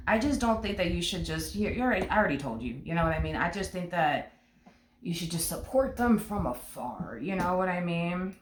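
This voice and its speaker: A woman's voice: on the low side, lively intonation, a little fast, slight background noise. A woman giving a casual tarot reading, blunt and emphatic, repeating her points and swearing freely. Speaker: tarot reader. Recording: roomy echo.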